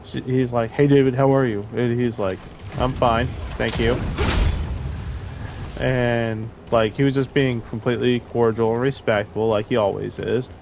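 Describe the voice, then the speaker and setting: A man's voice: medium pitch, steady tone, measured pace, creaky, noisy background. A young man telling a crude, rambling story in casual chat, trailing off with fillers. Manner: rambling, crude, loud laughing bursts.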